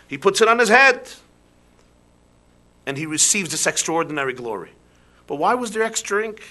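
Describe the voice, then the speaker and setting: A rabbi delivers a sermon in a high, bright male voice. He asks rhetorical questions with animation, then drops into soft emphasis.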